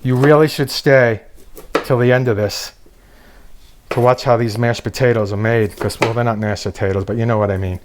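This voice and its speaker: A man's voice: mid-range voice, steady tone, normal speed, background noise. A man hosting a comedic cooking demonstration in a kitchen, joking and teasing his viewers as he goes. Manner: wisecracking, teasing asides to viewers. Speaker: cooking show host.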